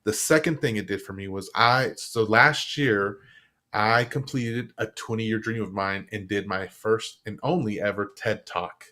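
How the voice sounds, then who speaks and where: A man, a guest on a live stream show, chatting casually and acting out the quotes in his stories. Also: unhurried. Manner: animated storyteller, acts out quotes with big pitch jumps. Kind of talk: casual interview chat. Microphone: live stream setup.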